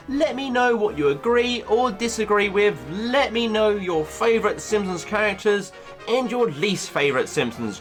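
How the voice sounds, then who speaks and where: Guy rattling off cartoon rankings, high voice bouncing all over, offhand and jokey, little bit of music behind. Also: a bit bright. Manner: offhand, jokey, quick verdicts. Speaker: YouTuber ranking cartoon characters. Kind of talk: casual tier-list commentary.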